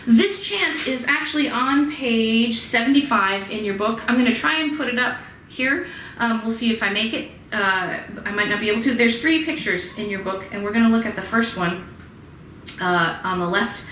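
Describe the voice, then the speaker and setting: A woman's voice: fairly high pitch, expressive, moderate pace, fairly bright tone, slight background noise. Chatty woman lecturing in an echoey room. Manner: chatty, demonstrates rhythms by chanting and singing. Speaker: music history instructor. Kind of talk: recorded lecture. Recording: echoey room with faint ambience.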